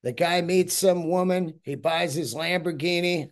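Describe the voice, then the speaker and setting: A man's voice: high voice, a little slow. A man hosting a podcast, talking in a rambling, profane casual monologue and acting out the people in his stories. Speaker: podcast host.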